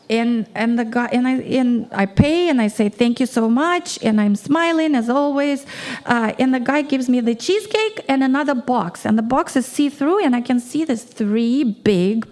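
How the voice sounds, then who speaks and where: A middle-aged woman, a native Russian speaker, telling a story on a concert stage in a lively way, acting out the dialogue and restarting often. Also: on the high side. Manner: animated, quick storytelling with many restarts and acted-out dialogue. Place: concert stage before a live audience.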